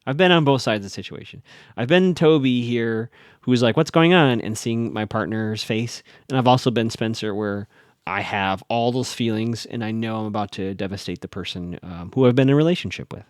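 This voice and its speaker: Animated man recapping a show. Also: on the low side, brisk, clean tone, dry recording, studio quality. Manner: animated, frequent fillers and restarts, blunt asides with profanity. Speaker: podcast host recapping a TV episode. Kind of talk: casual solo recap.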